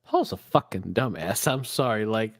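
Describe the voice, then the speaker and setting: A man's voice: fairly low pitch, normal speed. A man co-hosting a movie review podcast over a remote call, telling the plot crudely and swearing a lot. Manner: crude, animated storytelling with profanity. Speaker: podcast co-host. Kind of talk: casual chat.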